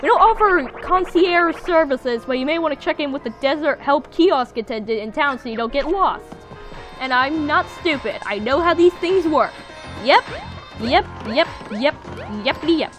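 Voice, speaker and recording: A woman commenting on her video game as she plays, with excitable, squealing reactions. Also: sits high, moderate pace, faint music behind. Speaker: gamer playing a video game. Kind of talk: let's play commentary.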